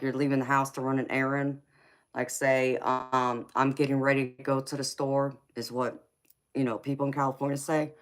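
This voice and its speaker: Chatty woman with a Southern accent. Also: very deep voice. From Los Angeles. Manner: chatty, laughs often, reads out viewer comments. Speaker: tarot reader streamer. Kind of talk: casual live-stream chat.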